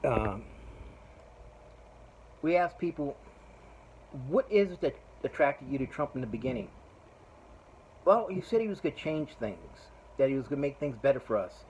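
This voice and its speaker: A man's voice: mid-range voice, sing-song, moderate pace, pauses often, darkish tone, slight background noise, rough recording. Profane rambling man telling a story. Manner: profane, rambling, laughs while retelling. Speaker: podcast host. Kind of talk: casual storytelling monologue.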